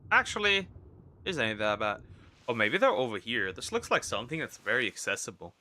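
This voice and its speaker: A man's voice: medium pitch, sing-song, fairly quick, bright, forceful tone. A young man casually rambling to himself as he streams a survival game. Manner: rambling, talks to himself while playing. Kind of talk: casual gameplay commentary.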